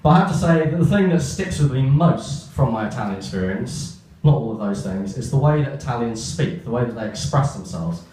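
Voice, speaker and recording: A young man performs a stand-up set, his deadpan asides pointing out his own jokes. His voice sits at an ordinary pitch and sounds distant, in a very echoey room with a faint hiss behind. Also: a little fast, few pauses. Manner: deadpan asides, self-aware about the joke. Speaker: stand-up comedian. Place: comedy stage. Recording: echoey room heard from far off.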